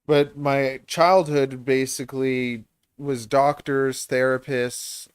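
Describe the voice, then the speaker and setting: A man's voice: mid-range voice, little pitch movement, slow pace, clear, resonant tone, no echo. A man hosting a livestream, chatting in a rambling, self-deprecating way and laughing often. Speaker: livestream host and reptile breeder.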